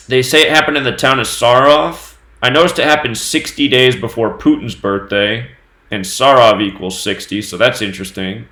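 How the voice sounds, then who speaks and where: A man hosting his own news channel, talking on his own through dates and number sums in a steady, running commentary. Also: mid-range voice, roomy sound. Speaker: host of a numerology news channel.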